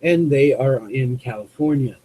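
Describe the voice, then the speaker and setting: A man from the US West Coast hosting a live call-in show, talking off the cuff in a rambling, halting way as he searches for words. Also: mid-range voice, warm tone, breathy edge, poor audio. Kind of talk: unscripted monologue to chat viewers.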